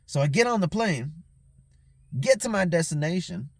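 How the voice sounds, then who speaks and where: A man's voice: sits high, expressive, normal speed, vocal fry, no room sound, clean studio sound. A tipsy man hosting his own show, telling a story in a heated, profane rant and often asking "you know what I'm saying". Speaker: host.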